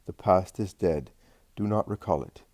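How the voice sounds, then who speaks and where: Male reader playing a calm, loving teacher, low and measured, close and dry. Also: no room sound, close to an everyday voice. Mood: soothing.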